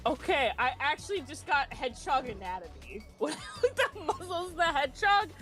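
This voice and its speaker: A woman's voice: sits high, very animated, moderate pace, fairly bright tone, faint music behind. A woman co-hosting a livestream, reading chat aloud in a casual, giggly way and laughing often. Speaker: stream co-host reading chat.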